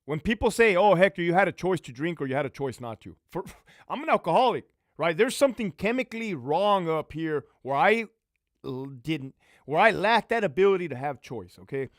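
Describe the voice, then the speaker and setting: This man hosts a relaxed live Q&A, spinning crude, blunt stories from his time as a prison lieutenant with lots of energy. His voice sits fairly high and rises and falls widely, moving a little fast, recorded close and dry without any room sound.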